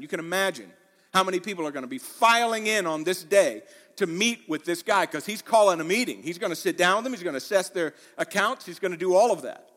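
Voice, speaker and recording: A man preaching a sermon in a church, animated, acting out the quoted lines with rising intensity. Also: a little high, long reverb tail. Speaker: pastor.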